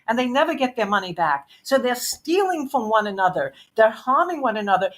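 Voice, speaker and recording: A woman's voice: on the high side, a bit bright. A woman interview guest giving intense, emphatic testimony, repeating phrases for weight.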